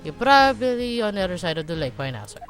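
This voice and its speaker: A woman's voice: medium pitch, sing-song, quick pace, over music, natural voice. A woman voicing a respectful male police detective in a fan game dub, with a put-on accent and lines that end in "sir". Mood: reporting.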